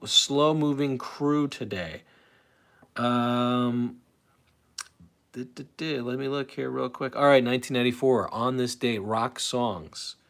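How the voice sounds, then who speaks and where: A man in his late forties hosts a live stream, talking off the cuff. He wanders between thoughts, restarts his sentences and answers viewers' comments as they come in. His voice sits at an ordinary pitch for a man. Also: a bit bright. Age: late 40s. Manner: rambling, self-interrupting, reads chat aloud. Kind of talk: casual live stream chat.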